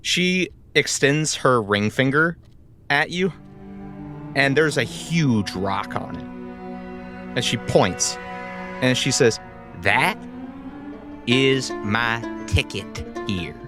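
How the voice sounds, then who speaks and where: A man, the game master, narrating a tabletop game in a slow, descriptive way. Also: medium pitch, expressive, gravelly, music in the background.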